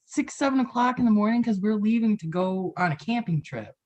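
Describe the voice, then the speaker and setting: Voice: medium pitch, animated, fairly quick, a little mellow, highs cut off. A podcast co-host chatting casually and telling a story, laughing along the way. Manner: chatty, laughs through stories.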